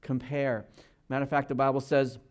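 A man's voice: mid-range voice, level tone, moderate pace. A man in his sixties, a pastor, preaching an earnest, conversational sermon and checking in with his listeners. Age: 60s. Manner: swings between loud emphasis and quiet asides.

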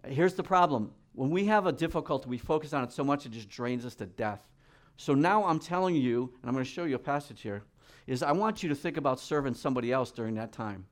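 A middle-aged pastor with a mid-range voice preaches a sermon, reading scripture and acting out its people in lively voices.

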